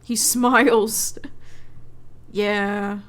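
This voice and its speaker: A woman streamer giving chatty, expressive commentary while playing a game, often giggling. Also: medium pitch, drawn-out words. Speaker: gaming streamer. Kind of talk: casual let's-play commentary.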